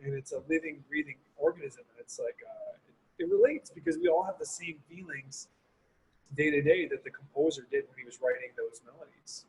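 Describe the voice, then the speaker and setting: A male horn player guesting on a video call speaks briskly in a fairly high voice with huge pitch swings and vocal fry, giving reflective, rambling answers full of "you know" and "like." The poor audio has a little hiss or hum.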